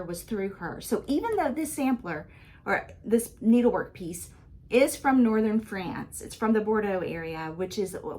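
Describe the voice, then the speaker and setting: Woman, middle-aged, casual vlog chat, enthusiastic, frequent ums, mid-range voice, small indoor room. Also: medium pitch. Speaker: cross stitch vlogger. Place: small dark room lit by lamps, indoors.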